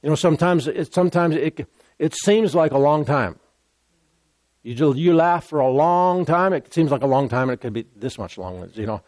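A man preaching a sermon, emphatic and repetitive, stumbling over repeated words and breaking into laughter and loud exclamations. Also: a little high, expressive, normal speed, dry recording.

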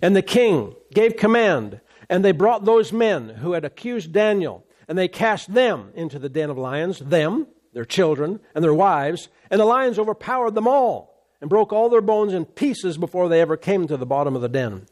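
A man preaches a sermon in a slightly higher-than-usual voice. He reads a scripture story and stops now and then for casual, plain-spoken asides. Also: big pitch swings, normal speed, darkish tone. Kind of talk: sermon, reading scripture and commenting.

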